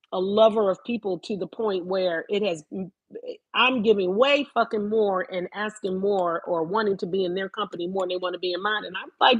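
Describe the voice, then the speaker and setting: A woman ranting on a live stream, profane, animated and emphatic. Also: medium pitch, slightly rough, dry recording, dull audio. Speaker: vlogger.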